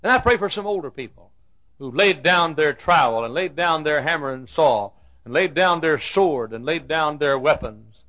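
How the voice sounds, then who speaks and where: A man preaching with a fairly high, very lively voice that rises and falls sharply. His tone is bright and forceful as he tells a Bible story. He drops to hushed asides between loud declarations. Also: highs cut off. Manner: acts out the Bible characters' lines. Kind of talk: sermon.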